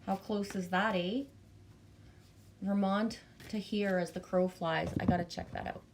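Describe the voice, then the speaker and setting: A chatty Canadian woman hosting a relaxed livestream, bubbly and loose, greeting her viewers one by one. Her pitch sits in an ordinary middle range, and faint background noise hums beneath her voice. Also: a little slow. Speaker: livestream host reading chat. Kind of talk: casual live chat.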